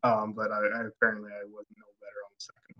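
Excitable man telling a hunting story. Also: on the low side, fast talker. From Alberta, Canada. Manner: excitable, rambling with restarts. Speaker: podcast guest, taxidermist. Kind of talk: casual storytelling. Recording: dull lo-fi podcast audio.

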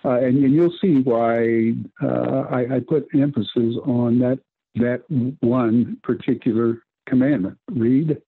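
A man preaching on a radio Bible program, talking in halting bursts with many restarts and tag questions. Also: mid-range voice, steady tone, husky. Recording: tinny phone-line radio broadcast.

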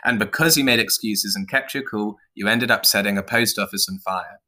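A man's voice: on the low side, fairly quick, bright, forceful tone. A man voicing a blunt, foul-mouthed male owl who preaches about being a predator. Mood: preachy. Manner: pushy, preachy, swearing.

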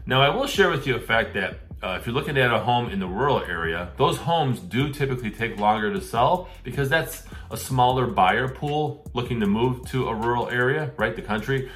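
A man's voice: medium pitch, lively intonation, fairly quick, few pauses, a bit bright. A middle-aged man hosting a real estate advice show, talking casually and acting out the questions he would put to a seller. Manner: conversational, acts out questions to sellers.

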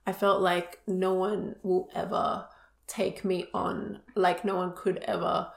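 A young woman co-hosting a casual podcast, speaking earnestly and openly and scattering "like" through her sentences. Her voice has a gravelly, creaky texture, and the room around her adds a noticeable echo. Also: fairly low pitch, level tone, slow. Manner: earnest and open, many "like" fillers. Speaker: podcast co-host. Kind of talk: casual conversational podcast chat. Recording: roomy echo.

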